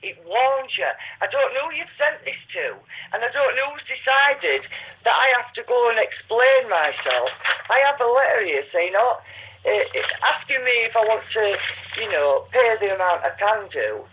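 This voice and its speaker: A woman's voice: a little high, very animated, moderate pace, a little hiss or hum. A woman, agitated and insistent, stammering as she argues on a recorded phone call. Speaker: caller disputing council tax.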